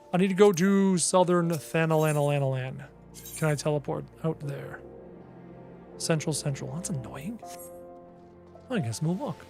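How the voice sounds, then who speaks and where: A man's voice: a little high, a little mellow. A man streaming a game live, chatting casually with his viewers in a playful, teasing, self-mocking way.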